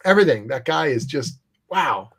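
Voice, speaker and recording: Male guest in casual interview, animated storyteller, swears freely. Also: a little high, moderate pace, husky. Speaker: guest comics writer.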